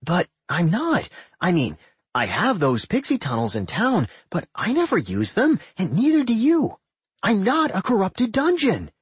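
A man voicing a cheerful, excitable male dungeon spirit who gets loud when alarmed. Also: high-pitched, a little slow, husky, no echo, voice pushed up, full character voice. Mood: excited.

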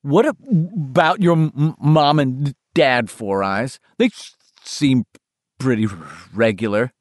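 A man's voice: mid-range voice, takes it slowly, fairly bright tone, no room sound, studio quality. A man reading an audiobook, voicing an earnest young boy who stutters heavily. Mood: troubled. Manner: heavy stutter. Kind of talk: audiobook character voice.

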